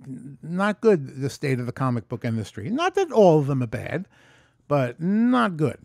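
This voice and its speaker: Man, animated and swearing a lot, talking straight into a close mic, dry sound. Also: on the high side, moderate pace, creaky, dry recording. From New York. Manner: profane, animated storytelling. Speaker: vlogger. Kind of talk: casual storytelling vlog. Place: room at home. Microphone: close mic in front.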